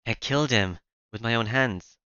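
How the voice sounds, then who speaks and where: A man's voice: mid-range voice, moderate pace, pushed and bright, highs cut off, close to an everyday voice. A man voicing a shaken, desperate teenage boy who stumbles and repeats himself urgently.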